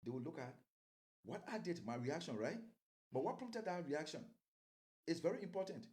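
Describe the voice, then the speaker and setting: A man's voice: fairly high pitch, animated, normal speed, a little mellow. A man giving political commentary as an interview guest, rambling and repeating words as he grows heated.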